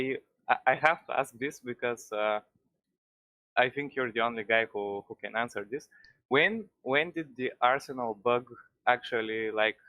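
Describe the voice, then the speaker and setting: A man's voice: mid-range voice, pushed and bright, dry recording. Hesitant non-native man calling in. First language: not English. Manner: hesitant, many restarts and fillers. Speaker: caller. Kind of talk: casual call-in chat.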